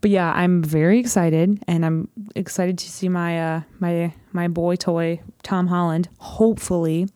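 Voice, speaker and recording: A woman's voice: on the low side, flat delivery, a little slow, hardly any pauses, warm tone, smooth, no room sound, studio quality. A teenage girl hosting her own show in a casual, rambling chat, often saying "literally.". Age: teens. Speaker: host.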